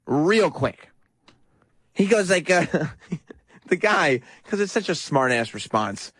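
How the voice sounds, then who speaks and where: A man hosting a talk radio show, recapping a clip in a mocking, animated way with frequent laughs. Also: a little high, slow pace, dry recording. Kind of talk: casual talk radio commentary.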